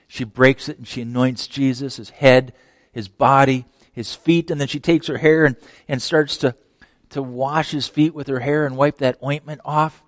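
A man's voice: mid-range voice, no room sound, clean studio sound. A male preacher giving an emphatic sermon, repeating words and asking the congregation rhetorical questions.

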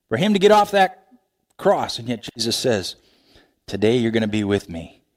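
Male pastor mid-sermon, animated delivery, light pitch that swoops a lot. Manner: animated preaching, frequent laughs and rhetorical questions.

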